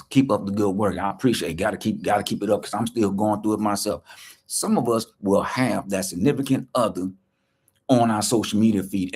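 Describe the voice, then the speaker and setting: Male life coach, low and husky, preachy livestream delivery with repeated lines. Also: a little mellow. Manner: preachy, repeats key lines, asks rhetorical questions; speaks straight to viewers, greeting them by name. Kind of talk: motivational livestream talk.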